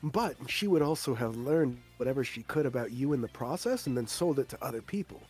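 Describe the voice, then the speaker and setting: A man voicing an eager, flattering female cultist who devotedly follows the party. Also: mid-range voice, fairly quick, breathy edge, soft background music. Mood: fawning.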